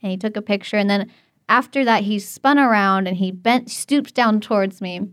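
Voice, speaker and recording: A woman telling a long funny story in casual chat, animated and giggly. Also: medium pitch, normal speed, clean tone, no room sound, clean studio sound.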